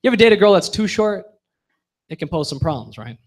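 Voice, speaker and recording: A young man doing a stand-up comedy set on a bar stage, with punchy deadpan delivery that drops low for asides. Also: quick pace.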